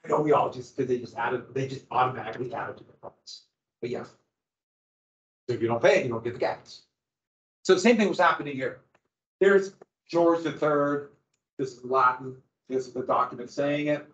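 A man teaching a history class, lecturing in an animated way and quizzing his students as he goes. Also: on the high side, fairly quick. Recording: echoey room, dull lo-fi sound.

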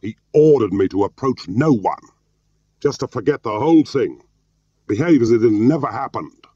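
A man with a very deep, gravelly voice playing an embittered middle-aged ex-spy who talks curtly and barks when angry, in a slightly muffled, dry recording. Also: lively intonation, a little slow, no room sound, full character voice. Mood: furious shouting. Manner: gruff, barking, rising to shouts.

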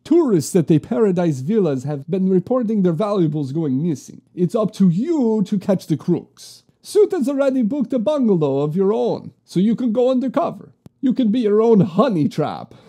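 Playful woman storyteller, animated and husky. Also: mid-range voice, normal speed. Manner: playful, lively narration. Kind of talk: reading a storybook aloud.

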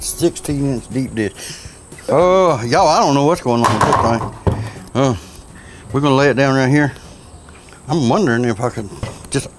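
A man's voice: medium pitch, a little hiss or hum. A man with a Cajun Louisiana accent chatting folksily through a cooking demo outdoors at a pizza oven. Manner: folksy, chatty, says y'all a lot. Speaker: cook.

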